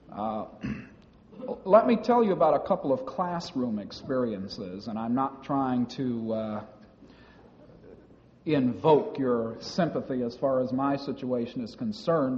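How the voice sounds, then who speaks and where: Measured man recounting experiences, echoing hall. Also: mid-range voice, darkish tone, a little hiss or hum. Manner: measured storytelling with hesitant restarts. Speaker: former university student recounting experiences. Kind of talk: public speech recounting personal experiences. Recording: dull lo-fi recording in a reverberant hall.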